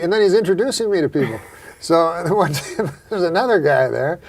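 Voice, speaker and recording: A male host telling rambling, profane stories in a deadpan way during a casual comedy chat. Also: fairly high pitch, brisk, husky.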